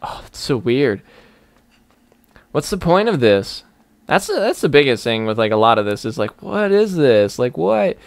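A man's voice: mid-range voice, very animated, moderate pace, vocal fry, dry recording. A young man playing a video game, rambling and giggling as he thinks aloud in casual commentary. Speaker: gaming YouTuber. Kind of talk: let's play commentary.

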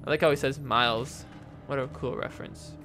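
A man's voice: medium pitch, steady tone, fairly quick, sharp tone, soft background music. A young man commentating a horror game, nervous and jumpy, talking to viewers with lots of fillers and frightened exclamations. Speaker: gaming YouTuber. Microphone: desk mic with face cam.

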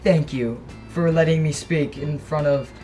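A young man with a slightly high voice talks through his gameplay in a loose, rambling way. He is jumpy and excitable, breaking into yelps and gasps when something surprises him. Faint game music plays quietly underneath. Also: unhurried. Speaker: gaming channel host. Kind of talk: casual gameplay commentary.

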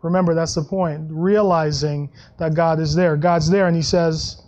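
A male pastor preaching a sermon in a conversational way, with frequent restarts and soft laughs, and dropping his voice when he quotes scripture. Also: steady tone, moderate pace, few pauses, lo-fi sound. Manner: acts out Bible quotes in a lower voice.

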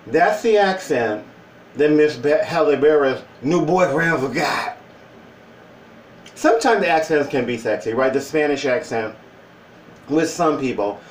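A man's voice: fairly high pitch, a little slow, distant mic, a little hiss or hum. Chatty man in an echoey room. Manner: animated, joking asides, breaks into put-on voices. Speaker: vlogger. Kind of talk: casual opinion vlog.

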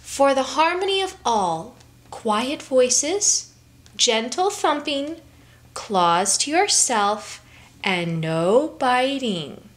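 A big, good-natured musk ox voiced by a woman reading aloud who lays down the rules gently but firmly. He speaks slowly and with measured care, and the pitch moves a lot. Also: very animated, exaggerated voice.

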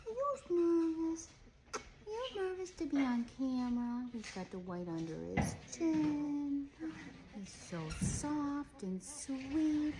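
A dog breeder shows off her puppies one at a time, cooing at each in baby talk. Her high, sing-song voice moves slowly, with background noise audible.

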